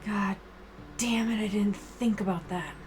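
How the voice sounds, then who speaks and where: A woman's voice: mid-range voice, a little mellow, a little hiss or hum. A woman from the American Midwest with a Midwestern accent, streaming as she reads a dating game aloud, laughing often and joking between lines. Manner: playful, laughs often, reads in a slow storytelling way. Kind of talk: reading a dating game aloud with playful commentary.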